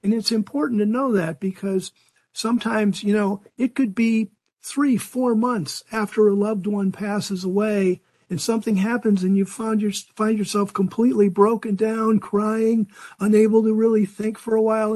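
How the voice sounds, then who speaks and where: A man's voice: high voice, steady tone, normal speed, a little mellow. An older man teaching a Bible lesson in an earnest, conversational way, often restarting his sentences.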